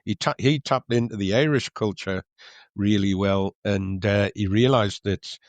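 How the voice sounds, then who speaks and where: A man co-hosting a football podcast, telling a story in casual chat with many halting restarts. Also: fairly low pitch, no room sound. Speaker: podcast co-host.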